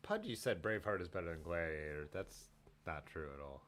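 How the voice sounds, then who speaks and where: Deep-voiced excitable live-stream host. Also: male voice, brisk. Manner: excitable, laughs often, jumps between topics. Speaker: livestream host. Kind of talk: casual live-stream chat.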